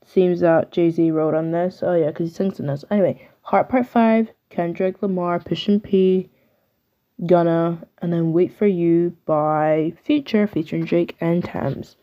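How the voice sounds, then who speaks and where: A woman's voice: fairly low pitch, steady tone, measured pace, highs cut off. A young woman hosting a podcast, talking casually and opinionatedly, with lots of "like" fillers. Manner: chatty, opinionated, filler-heavy with "like". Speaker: podcast host. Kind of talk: casual solo podcast chat.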